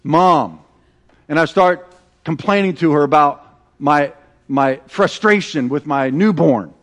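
A middle-aged man preaching a sermon, telling stories with animated, acted-out quotes. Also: on the high side, unhurried. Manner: animated storytelling, acting out quoted voices. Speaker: pastor.

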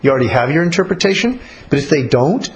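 A man teaching about prayer in a relaxed, conversational way, blunt and colloquial. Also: fairly high pitch, fast talker, low-quality recording. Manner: blunt, colloquial, acts out little spoken exchanges.

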